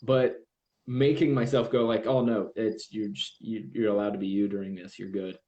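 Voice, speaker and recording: A young man in casual chat as a podcast guest, telling animated stories and acting out the voices he quotes. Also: lowish voice, moderate pace, lo-fi sound.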